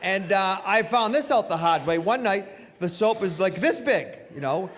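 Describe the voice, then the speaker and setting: A man doing a stand-up comedy set at a live venue, telling self-mocking stories in an animated way. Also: high-pitched, moderate pace. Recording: live stage with hall reverb, faint noise.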